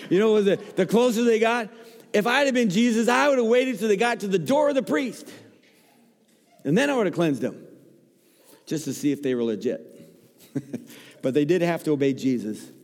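A man preaching a sermon with humor, acting out voices as he tells a story in church. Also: a little high. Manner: animated, joking storyteller, acts out voices. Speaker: guest preacher. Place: church sanctuary. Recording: long hall reverb.

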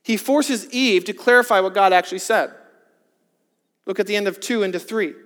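Preacher, male, very high voice, earnest and building, long hall reverb. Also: normal speed. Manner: earnest, builds from hushed to emphatic with rhetorical questions. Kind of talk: sermon.

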